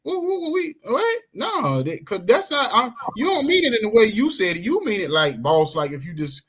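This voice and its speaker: A lively middle-aged man, a coach appearing as a podcast guest, chats casually in a bright, forceful, slightly rough voice that sits a little high for a man. At a moderate pace he tells animated stories, swinging his pitch widely and acting out the voices of the people in them.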